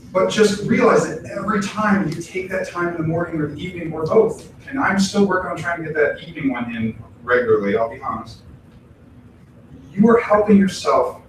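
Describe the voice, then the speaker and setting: Temple minister, male, high pitch, relaxed and animated preacher; recorded from afar in a reverberant hall. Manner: animated, acts out quoted voices, chatty asides. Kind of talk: casual conversational sermon. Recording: echoey hall, distant mic, faint noise.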